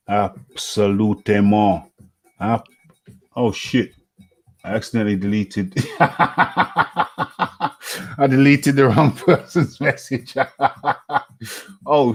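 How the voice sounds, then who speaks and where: A man's voice: on the low side, takes it slowly, long pauses, husky. A man hosting a live boxing chat show, talking casually and repeating his phrases. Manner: repeats phrases, laughs easily. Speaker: podcast host.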